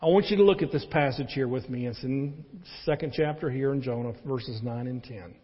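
Pastor preaching in a reverberant church. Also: male voice, fairly quick, husky. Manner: swings from loud emphatic peaks to low quiet stretches. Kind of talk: sermon. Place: church sanctuary. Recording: dull lo-fi church audio with long reverb.

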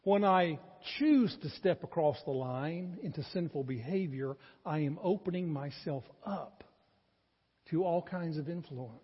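A man's voice: fairly high pitch, a little slow, slightly rough. A man preaching a sermon as pastor, earnest and emphatic, with rising bursts of intensity. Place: church sanctuary. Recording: muffled church recording with long reverb.

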